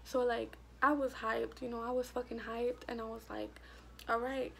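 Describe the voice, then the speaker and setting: A young woman tells a story from her school days in a blunt, profane, animated way. Her voice sits a little high and has a gravelly, fried edge. A faint hiss runs under the home vlog recording. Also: normal speed. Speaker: vlogger. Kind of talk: casual storytime.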